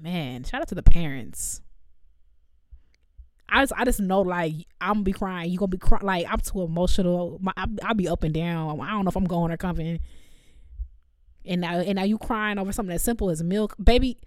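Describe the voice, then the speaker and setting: A young woman, chatting casually as a podcast co-host and telling animated stories. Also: on the low side, a little fast, no room sound, studio quality. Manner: animated storytelling, laughs often, acts out voices. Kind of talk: casual chat.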